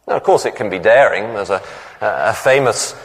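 A man's voice: on the low side, animated, a little fast, big-room sound. A man preaching a sermon who tells stories and acts out the voices in them. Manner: storytelling, acts out voices in the anecdotes.

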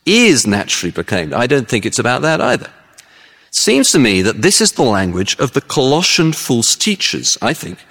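Guy preaching a sermon, chatty and storytelling, really lively up and down voice, long echo hall. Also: mid-range voice, normal speed, vocal fry, slightly rough. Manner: conversational, animated storytelling with acted-out voices.

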